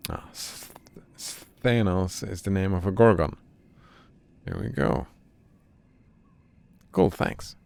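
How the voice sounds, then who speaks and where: A man reading a video game's dialogue aloud on a stream, with a very low, gravelly voice. He takes the lines slowly and deadpan, barely changing from one character to the next.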